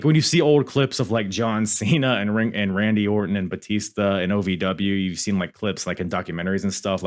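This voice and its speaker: A man hosting a podcast in casual review chat, rambling and swearing, often cutting himself off mid-sentence. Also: lowish voice. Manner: rambling, profane, self-interrupting. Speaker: podcast host.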